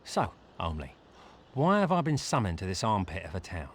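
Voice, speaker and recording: A man's voice: low-pitched, huge pitch swings, a little fast, slight background noise, exaggerated voice. An actor playing a snarky, greedy male bard anti-hero in a video game, with dry, mocking quips. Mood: sardonic.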